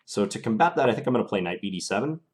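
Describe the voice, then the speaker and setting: A young man narrates his own chess games live, thinking aloud in an easy, analytical way. His voice sits a little low, and he speaks as if recording at a desk microphone. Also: expressive, racing. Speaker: chess streamer.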